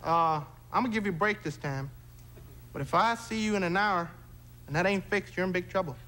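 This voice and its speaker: A man's voice: sits high, fairly quick, lightly acted. A man voicing a self-important, gum-chewing traffic cop who talks down to a driver. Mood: condescending.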